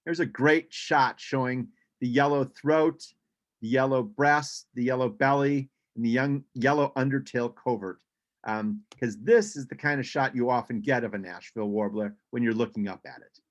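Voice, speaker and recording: A man's voice: mid-range voice, normal speed, muffled recording. A man giving a casual birding presentation over a video call, chatty, with frequent ums and restarts.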